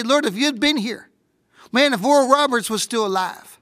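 Fervent female preacher, high-pitched, dry close-miked sermon, stumbles and repeats when stirred. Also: lively intonation, brisk, dry recording. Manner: fervent, swings from hushed whispers to raised shouts.

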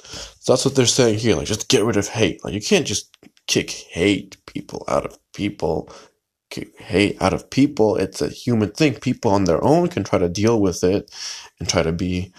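A man's voice: sits low, very animated, normal speed, gravelly. A man hosting a solo podcast, talking in a rambling, hesitant way with many fillers and restarts. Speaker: podcast host.

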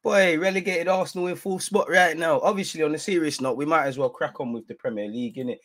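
A man's voice: a little high, fast, fairly bright tone, no room sound. A young man, talking to camera in a playful, slang-heavy fan vlog in front of a green screen. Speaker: football vlogger.

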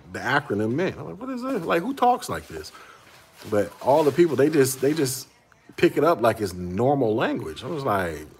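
A man's voice: medium pitch, slightly rough. A man in his forties hosting a casual livestream and chatting with viewers, rambling, repeating words and chuckling often. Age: 40s. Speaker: livestream host reading chat.

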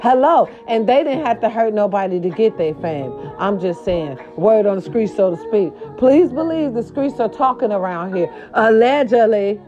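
A woman's voice: medium pitch, expressive, moderate pace, hardly any pauses, dull audio, over music. A woman hosting a gossip commentary show, sassy and emphatic, repeating her catchphrases with theatrical swoops and growls. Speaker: gossip vlog host.

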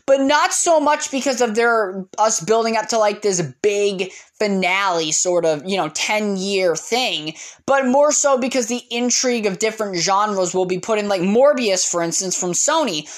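A woman's voice: mid-range voice, moderate pace. A woman giving a casual, candid movie opinion monologue, with frequent fillers and the odd swear word. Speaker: movie commentator.

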